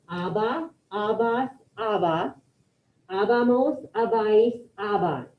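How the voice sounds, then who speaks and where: A woman teaching a Spanish class to students in the room and online, giving brisk, repeated instructions and modeling pronunciation. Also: on the high side. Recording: dull lo-fi classroom audio.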